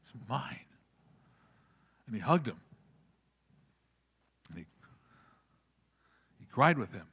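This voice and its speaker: Man, sermon storytelling, earnest, mid pitch, stammering restarts. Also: very animated, slow, pauses often, a bit bright, husky. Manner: earnest, repeats words when starting sentences. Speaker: preacher.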